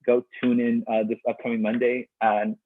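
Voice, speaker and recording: A man's voice: mid-range voice, flat delivery, moderate pace, dry recording. Rambling man hosting a slam, tinny sound. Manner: rambling, full of fillers and tangents. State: losing his voice. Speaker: slam host. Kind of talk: casual livestream hosting. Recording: dry tinny phone-like sound.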